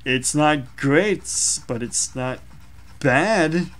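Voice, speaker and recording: A man's voice: medium pitch, normal speed, a bit bright. A young man casually talking through his own digital drawing, rambling and self-deprecating, with many fillers. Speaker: drawing vlogger. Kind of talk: casual commentary over a drawing.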